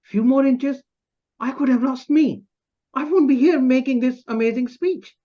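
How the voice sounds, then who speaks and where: A man giving a humorous, self-mocking personal story speech at a club meeting over a video call, pausing and restarting often. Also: extremely high pitch, lo-fi sound. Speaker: club speaker.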